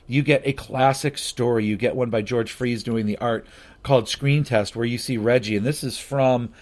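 A man's voice: medium pitch, darkish tone. Man, comic reviewer, loose rambling delivery, filler-heavy, mid-range voice. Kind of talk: casual comic book review.

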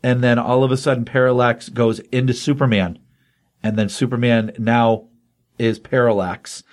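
A man hosts a casual talk show and walks through a comic's plot scene by scene. He slips into the characters' dialogue as he goes, and "um" and "like" pepper his speech. His voice sits at an ordinary middle pitch. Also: normal speed. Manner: animated retelling that acts out the dialogue, with many fillers. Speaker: podcast co-host. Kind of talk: casual comic-book recap.

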